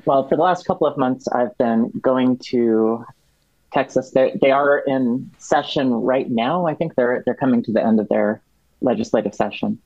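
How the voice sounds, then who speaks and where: A man on as a guest, explaining policy at length in a halting way, with many restarts and fillers. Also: medium pitch, creaky, a little mellow, no room sound, lo-fi sound. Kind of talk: explaining policy in a podcast chat.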